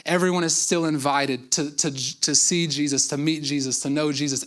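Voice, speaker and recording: A man's voice: a little high, fairly even intonation, moderate pace, a bit bright. A man pastor giving a conversational sermon, acting out quotes and repeating words for emphasis. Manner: conversational preaching with acted-out quotes and repetitions.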